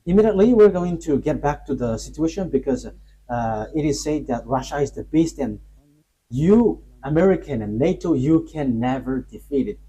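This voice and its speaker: A man preaching a sermon, emphatic and halting, rising sharply on key points between pauses and fillers. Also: a little high, lively intonation, dark tone, slightly rough, rough recording.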